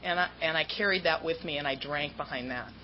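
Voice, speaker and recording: This is a low-pitched woman's voice, moving a little fast, from a Southern Californian AA speaker telling her recovery story with candor and self-mockery. She acts out the voices of the people she describes, and the lo-fi recording is dull with faint noise.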